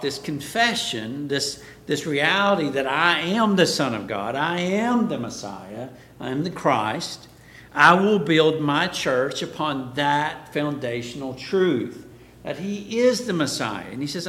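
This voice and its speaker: Man, preacher, Bible class sermon, slow, asks questions and answers them, echoey room. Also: big pitch swings, a bit bright. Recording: echoey room, faint background rumble.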